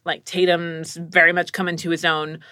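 A woman voice actor in casual chat, talking quickly and acting out the people she quotes. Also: lowish voice, clear, resonant tone, dry recording, studio quality. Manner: chatty, animated, acts out quoted voices.

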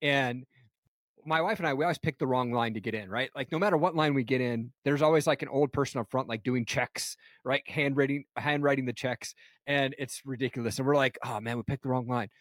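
A man's voice: medium pitch, a little fast, a bit bright, no room sound. Dry-sounding, upbeat podcast host man. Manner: laughs often, says "dude" and "man" constantly. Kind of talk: casual chat. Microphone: video call.

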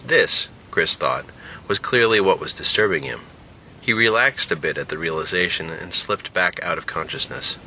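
A man narrating a scripted story in an expressive, lively way. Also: deep voice, moderate pace, slight background noise. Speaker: narrator and podcast host.

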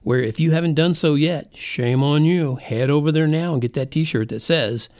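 A man's voice: fairly high pitch, normal speed, a little mellow. A middle-aged man hosting his own podcast, rambling conversationally and poking fun at himself. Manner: rambling, self-mocking, conversational. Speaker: podcast host. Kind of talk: casual monologue.

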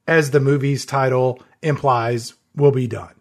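A man with a fairly high voice riffs on a film in relaxed podcast conversation. He makes dry, sarcastic jokes and wry asides throughout. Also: moderate pace, hardly any pauses. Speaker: podcast co-host. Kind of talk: casual movie-review chat.

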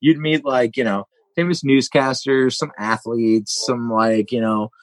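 A man's voice: medium pitch, steady tone, unhurried, dry recording. A man co-hosting a podcast, telling laid-back stories about restaurant work and chuckling often. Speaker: podcast co-host. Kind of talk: casual chat.

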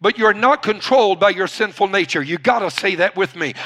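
A male pastor preaching a sermon, slowing down to stress key points and building up to shouting. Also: sits high. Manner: emphatic, builds from quiet to shouting; slows down to stress key words.

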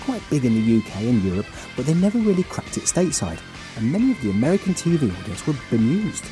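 A man's voice: medium pitch, sing-song, fast talker. A man hosting a podcast, mixing casual chat with wry, opinionated scripted narration. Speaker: podcast host. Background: music.

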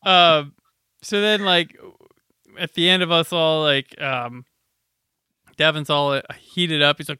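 A man co-hosting a podcast, relaxed and rambling as he recaps the episode. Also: fairly high pitch, takes it slowly, long pauses, clear, resonant tone, no room sound, studio quality. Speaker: podcast co-host. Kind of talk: casual chat.

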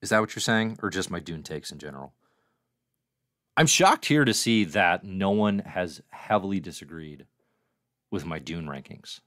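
A man's voice: low voice, expressive, moderate pace, fairly bright tone, no echo, studio quality. A man hosting a casual comics review livestream, chatty and reading viewer comments aloud. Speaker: livestream host.

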